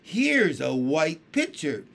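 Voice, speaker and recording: A man reading aloud and voicing a gentle, sweet-natured girl. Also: on the high side, big pitch swings, takes it slowly, breathy edge, heavily acted.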